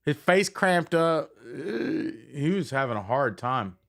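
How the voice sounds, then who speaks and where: A man's voice: on the high side, big pitch swings, slow pace, creaky, a bit bright. A middle-aged man and band frontman chatting casually and affectionately to viewers on a live stream, rambling with many fillers.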